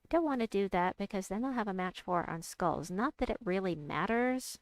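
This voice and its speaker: A young adult woman chatting casually while she plays a game, reading out and answering her chat and squealing with excitement at big moves. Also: medium pitch, brisk, no room sound. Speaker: game streamer. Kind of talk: casual gameplay commentary.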